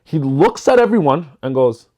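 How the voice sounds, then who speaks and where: Young man telling an animated, profane story. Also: a little high, normal speed. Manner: animated, acts out what people said; loose and profane. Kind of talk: casual storytime vlog.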